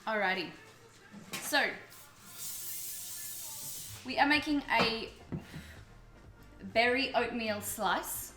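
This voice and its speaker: Cooking live on stream, a Melbourne woman chats casually with her viewers in a fairly high voice, speaking very slowly and pausing often. Music plays behind her in a room with a noticeable echo.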